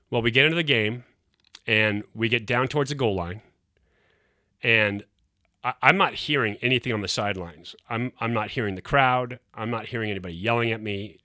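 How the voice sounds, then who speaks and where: A man's voice: medium pitch, no echo, clean studio sound. A middle-aged man, a former quarterback hosting his show, telling a story casually and acting out the quotes. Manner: animated, acts out quotes.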